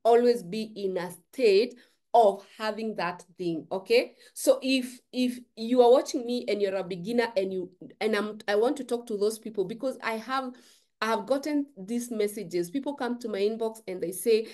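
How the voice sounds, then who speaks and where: A woman's voice: on the high side, normal speed, a little mellow. A woman giving an emphatic, preachy motivational talk to camera, repeating phrases for stress. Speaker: forex trading YouTuber.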